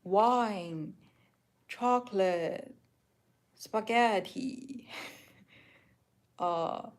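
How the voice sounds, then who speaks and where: Woman, casual vlog chat, slow and easygoing, lists things off. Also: medium pitch. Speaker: vlogger chatting with a companion.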